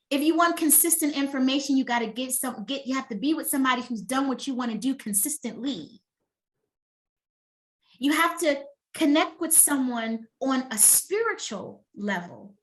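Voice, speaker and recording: A middle-aged woman with a somewhat high voice teaches a motivational master class as a wellness coach. She talks in a lively, conversational way and often asks her listeners if they are with her. Her delivery is emphatic and personal, as if speaking straight to each person.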